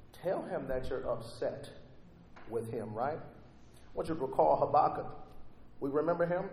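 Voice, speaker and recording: A man's voice: on the high side, a little hiss or hum. A man preaching a sermon and reading scripture aloud, rising with fervor on quoted prayers. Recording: echoey hall with faint ambience.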